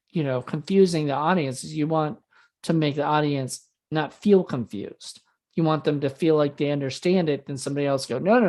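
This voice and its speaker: A man's voice: on the high side, a little mellow. A man giving a casual spoken film review, rambling and hesitant, full of ums and restarts, with exasperated, mocking asides.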